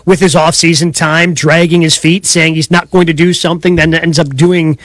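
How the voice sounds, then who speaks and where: A man's voice: fairly high pitch, flat delivery, normal speed, fairly bright tone, no echo. A man co-hosting a sports talk radio show, explaining his views in a casual, agreeable way.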